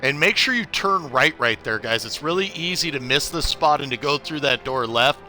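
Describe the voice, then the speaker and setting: A man's voice: on the high side, expressive, moderate pace, sharp tone, soft background music. A young man streaming a video game live, chatty and upbeat, greeting viewers by name while giving tips. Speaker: gaming livestreamer. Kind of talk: casual live gameplay commentary.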